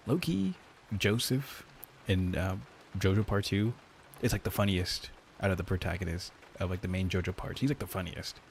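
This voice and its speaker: A man's voice: low voice, moderate pace, slight background noise. A young man streaming, chatting casually and profanely with his viewers, peppering his talk with "like" and "dude". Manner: loose and profane, lots of "like" and "dude". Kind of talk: casual chat with live chat.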